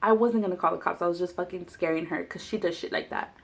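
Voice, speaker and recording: A woman's voice: on the low side, quick pace, vocal fry. A woman in her twenties telling a heated personal story while eating, blunt and profane. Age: 20s. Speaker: vlogger.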